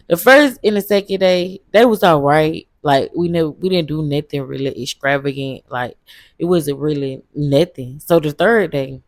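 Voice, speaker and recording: A woman's voice: low voice, no room sound. A woman vlogger casually telling a travel story, loose and slangy with lots of fillers.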